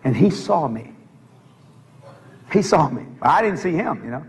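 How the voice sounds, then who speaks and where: Animated laughing preacher man, high and lively. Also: measured pace, breathy edge, in a large hall. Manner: animated, laughing through his lines, acting out sounds. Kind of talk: humorous storytelling sermon.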